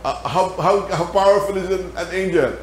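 A man with a Filipino accent teaching a Bible lesson in a church, telling stories in an animated way with laughter. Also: high voice, fairly quick, reverberant, slight background noise. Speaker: Sabbath school teacher. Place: church hall.

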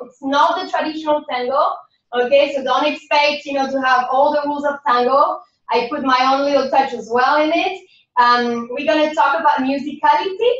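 A woman leading a dance class warm-up, giving calm, encouraging cues that sometimes turn sing-song. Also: sits high. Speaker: dance instructor. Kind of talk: guided warm-up class instruction. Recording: far-off echoey room, dull sound, music behind.

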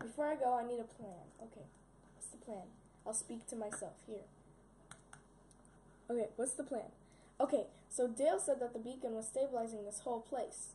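Young woman playing a game and freaking out a lot, high voice, mellow tone, faint hiss behind. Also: moderate pace. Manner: excitable, yelps and repeats words in panic. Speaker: gaming video creator. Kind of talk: casual game commentary.

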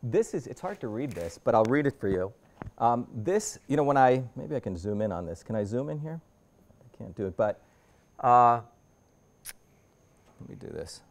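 A man in his fifties speaks as a guest lecturer in a university lecture room. His voice sits at an ordinary middle pitch. He talks the audience through his slides in a loose, conversational way and often restarts his sentences. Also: very animated, normal speed, pauses often.

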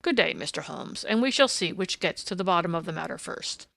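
A woman's voice: on the low side, animated, a little fast, creaky, a bit bright, no room sound. A woman reading a blustering police inspector. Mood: huffy. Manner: bitter, blustering. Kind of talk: audiobook character reading.

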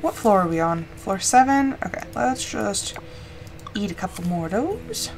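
A woman's voice: mid-range voice, animated, normal speed, slight background noise. A young adult woman chatting casually and rambling while she live-streams a farming game, with lots of fillers. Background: game music.

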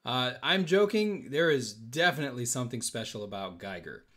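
A man's voice: mid-range voice, big pitch swings, normal speed, fairly bright tone. A man hosting a casual live-stream auction, calling out bids and chatting with viewers in an upbeat way. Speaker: auction host.

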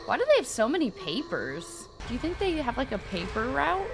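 A woman giving playful, excitable gameplay commentary, swearing freely and shrieking at the game. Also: sits high, a little fast, few pauses, soft background music. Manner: playful sing-song greetings to other players. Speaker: gaming video creator.

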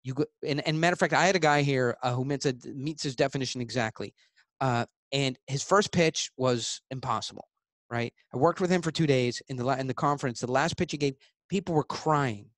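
A man's voice: a little fast, dry recording. Blunt, emphatic man with a dry sound. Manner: emphatic, blunt, swears, acts out both sides of a pitch. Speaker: author and sales expert guest. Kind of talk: animated interview talk acting out sales pitches.

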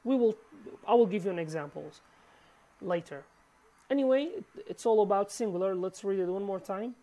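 A woman whose first language is Kurdish, teaching a language lesson in halting English full of fillers, repeating each word for practice. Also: mid-range voice, warm tone. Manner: halting, many fillers and restarts. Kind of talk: recorded online lesson.

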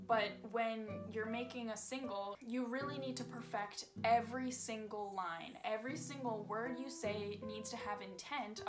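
A young woman narrating her vlog in a candid, self-deprecating way about making a single. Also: medium pitch. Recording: music playing underneath.

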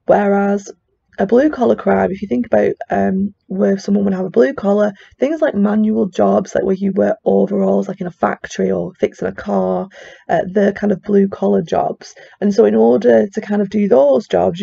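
A woman's voice: mid-range voice, fairly even intonation, moderate pace, vocal fry, mellow, slightly rough. A woman with a strong regional English accent gives a chatty classroom lecture, full of fillers and casual asides. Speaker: psychology teacher. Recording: dull, dry lo-fi recording.

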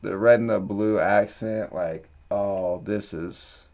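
A man hosting a card-breaking video, quietly reading off card names and bursting out loud at the big pulls. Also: fairly low pitch, fairly even intonation, slow, dull audio, a little hiss or hum. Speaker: card-breaking channel host. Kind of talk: casual pack-opening commentary.

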